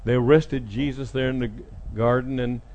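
A man's voice: medium pitch, steady tone, moderate pace, muffled recording. Man preaching with dramatic swings. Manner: dramatic retelling, acting out speakers with sudden loud jumps. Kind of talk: sermon.

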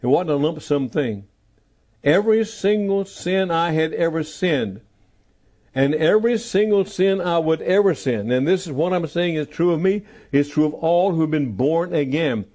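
An older man preaching a sermon, emphatic and repetitive, dropping to low, quiet phrases and then rising to loud calls. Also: lively intonation, normal speed. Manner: emphatic, repeats key phrases, swings between soft lows and loud calls.

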